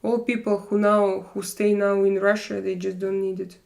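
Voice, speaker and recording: Gravelly-voiced woman hosting a live chat. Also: mid-range voice, little pitch movement, darkish tone. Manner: earnest, measured, answers viewers by name. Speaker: live stream host. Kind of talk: casual live chat reading viewer comments.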